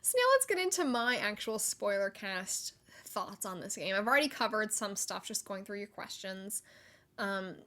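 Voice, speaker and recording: A young woman hosting a solo gaming podcast, chatty and excitable, with frequent likes and laughter. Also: mid-range voice, normal speed. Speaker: podcast host.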